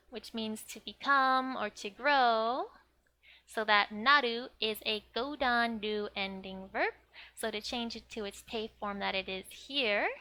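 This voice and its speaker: A woman's voice: a little high, pushed and bright. A young woman giving a casual, chatty language lesson, often laughing and leaning on "like". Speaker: language teacher.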